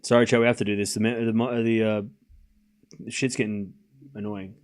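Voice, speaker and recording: A man's voice: on the low side, flat delivery, brisk. A young man casually commentating a tennis match on a live stream, chatting with his viewers, cracking jokes and drifting off on tangents between points.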